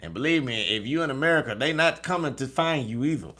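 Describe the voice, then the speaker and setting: A man's voice: medium pitch, expressive, fast, bright, forceful tone. A man who reads tarot, chatting casually with his viewers, often asking "okay?" and laughing at his own stumbles. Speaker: tarot reader. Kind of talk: casual livestream chat.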